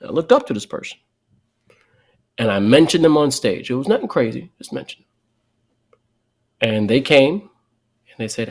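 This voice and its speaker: A man's voice: mid-range voice, unhurried, long pauses. A man, a comedian telling stories as a podcast guest, acting out the people he quotes. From New York. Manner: lively, acts out quoted people. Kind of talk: animated podcast storytelling.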